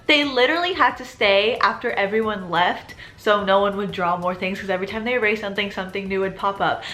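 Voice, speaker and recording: A young woman in her twenties tells a school story in a loose, chatty vlog style, her voice bright and clear at an ordinary middle pitch. She giggles often and leans on filler words as she talks. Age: 20s. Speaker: vlogger. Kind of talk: casual storytime.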